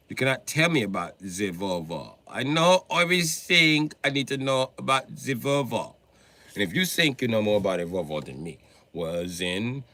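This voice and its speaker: Give me a profane, excitable man ranting on a livestream with a lively, bright voice. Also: medium pitch. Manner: excitable, profane, bursts into shouting. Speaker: livestreamer and car mechanic.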